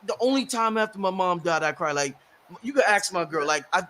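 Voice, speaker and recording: A man in his thirties hosting a livestream, telling stories in an animated, slangy way and often repeating words. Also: high voice, fairly quick, a little hiss or hum. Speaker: livestream host. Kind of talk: casual livestream chat.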